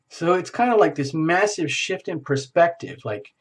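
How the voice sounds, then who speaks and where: Husky, playful male tarot reader. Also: on the high side, animated, a little fast, hardly any pauses. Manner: playful and theatrical, acting out little scenes. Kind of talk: casual, animated tarot reading.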